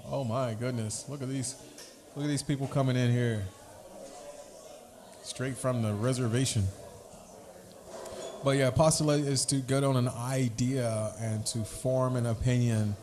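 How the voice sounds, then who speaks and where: A man of ordinary pitch co-hosts a loose podcast chat. He rambles from topic to topic, dropping rhymes into his talk as he goes. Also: darkish tone. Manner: rambling, rhyming wordplay. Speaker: podcast co-host. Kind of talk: casual chat.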